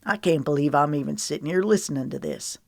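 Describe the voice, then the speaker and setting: A woman voicing a stubborn, gruff young male cowboy in an audiobook, speaking curtly and bluntly. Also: sits low, fast talker, a little mellow, no echo, clean studio sound. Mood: annoyed. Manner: curt and blunt. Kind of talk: audiobook character reading.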